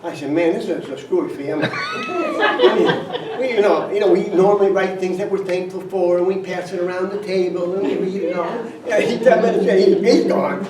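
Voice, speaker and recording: A man's voice: high voice, very animated, normal speed, over a noisy crowd. An older man giving a folksy storytelling speech at a company event, tossing in frequent "right?" asides and chuckles. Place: event room at a company trip. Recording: roomy, distant mic with faint ambience.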